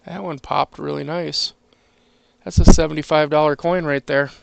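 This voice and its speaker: A man's voice: a little high, fairly even intonation, normal speed, creaky, smooth, dry recording. A man chatting casually while sorting through coins, easygoing and chatty, chuckling between remarks. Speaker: coin collector streaming a penny hunt.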